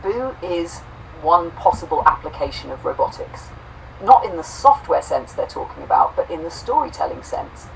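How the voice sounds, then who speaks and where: A woman co-host reading a homespun robot story aloud, saying the quote marks out loud, then reflecting warmly on it. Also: lowish voice, sing-song, moderate pace, gravelly, recorded from a distance, a little hiss or hum, poor audio. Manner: warm, affectionate, reads quote marks aloud.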